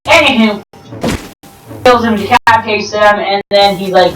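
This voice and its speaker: A woman giving rambling, jokey game commentary, full of excitable outbursts and self-corrections. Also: mid-range voice, moderate pace. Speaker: gameplay commentator. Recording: roomy, distant mic with game music.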